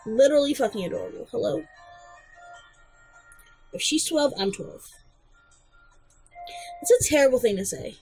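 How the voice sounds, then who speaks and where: A woman's voice: sits high, expressive, moderate pace, pauses often, warm tone, breathy edge, faint music behind, low-quality recording. A woman giving casual, blunt gameplay commentary, joking and swearing freely. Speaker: let's play host.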